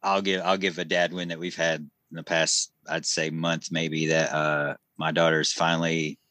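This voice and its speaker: A man in casual podcast chat, earnest and relaxed, laughing often. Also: very deep voice, normal speed, no echo.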